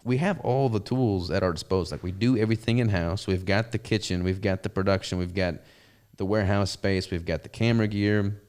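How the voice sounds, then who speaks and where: A man's voice: fairly low pitch, fairly quick, a little mellow, clean tone. A man with a Southern US accent, hosting a podcast and chatting about his business in an easygoing, rambling way. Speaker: podcast host and business owner. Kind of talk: casual chat.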